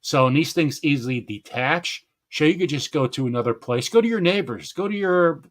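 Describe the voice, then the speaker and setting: Excitable man hosting a live stream. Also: on the high side, a little fast. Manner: excitable, laughs often, stumbles over names. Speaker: host of a gardening live stream. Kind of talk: casual live-stream chat.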